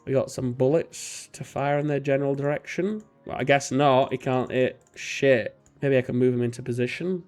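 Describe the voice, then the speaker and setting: A young man, casually commentating his strategy game, chatty and self-mocking, now and then jumping into silly high voices. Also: fairly even intonation, normal speed, hardly any pauses, a little mellow, soft background music. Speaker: let's play host.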